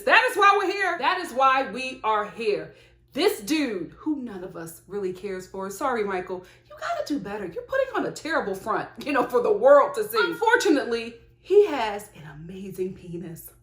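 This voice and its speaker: A high-pitched woman recaps a reality show for her vlog, full of sassy asides and laughter. Her voice swings widely up and down as she talks. The sound carries a roomy echo from the indoor space. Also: a bit bright. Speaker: reality TV reviewer. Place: indoor room with studio lights.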